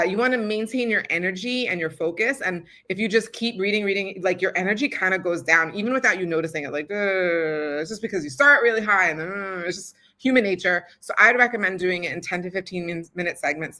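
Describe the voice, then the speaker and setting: A woman's voice: fairly low pitch, brisk, few pauses, bright, forceful tone. A young woman hosting a podcast, giving a casual how-to talk on recording audiobooks in a chatty, filler-heavy way and laughing often.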